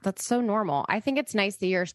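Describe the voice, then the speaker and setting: A woman's voice: medium pitch, expressive, brisk, dry recording, clean studio sound. A woman co-hosting a podcast, speaking in a reassuring, supportive way in casual chat. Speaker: podcast co-host.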